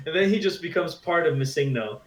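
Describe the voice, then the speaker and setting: A young man co-hosting a casual game stream, telling stories and slipping into quick character voices. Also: fairly high pitch, reverberant. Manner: animated storyteller, does quick character voices. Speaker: gaming co-host. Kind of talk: casual chat over gameplay.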